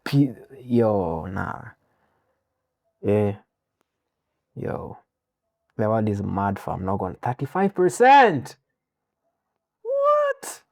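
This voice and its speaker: A man, reacting to a clip in casual slangy commentary with loud drawn-out exclamations. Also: lowish voice, expressive, vocal fry, no echo, studio quality. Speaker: reaction streamer.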